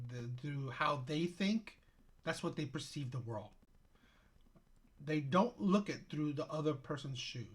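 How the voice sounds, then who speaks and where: A man co-hosting a podcast, giving emphatic commentary in sweeping generalizations. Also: mid-range voice. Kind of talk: panel commentary.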